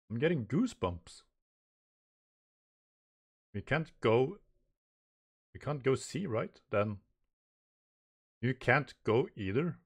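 A man's voice: mid-range voice, animated, slow pace, pauses often, breathy edge. A man hosting a manga reaction, reading the dialogue aloud and commenting, often stumbling and repeating words as he reads. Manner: reads the dialogue aloud in lightly raised voices.

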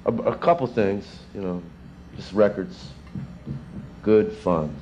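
A man in his thirties, a session drummer, answering students' questions in a rambling, animated way with chuckles, in a music school classroom. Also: lowish voice, slow pace, highs cut off, slight background noise. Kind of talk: casual Q&A with students.

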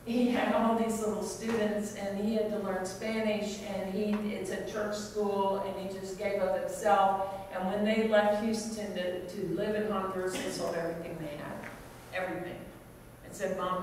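An older woman, a priest, telling a personal story in an earnest, conversational way. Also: mid-range voice. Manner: earnest, conversational, acts out quoted voices. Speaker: priest giving a talk. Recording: echoey hall reverb from far off, faint noise.

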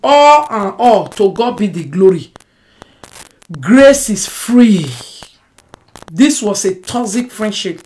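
A woman with a Nigerian Pidgin accent delivering an animated personal monologue to the camera. She is emphatic and keeps throwing in rhetorical "eh?" asides, swinging from loud outbursts to low muttering. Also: takes it slowly, long pauses, rough recording. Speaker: vlogger addressing a rival.

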